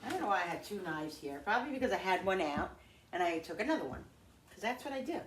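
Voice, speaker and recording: A woman's voice: mid-range voice, sing-song, fast. A middle-aged woman chatting casually to her viewers while cooking at home, thinking aloud and calling them guys. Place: home kitchen. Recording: echoey, distant, noisy kitchen.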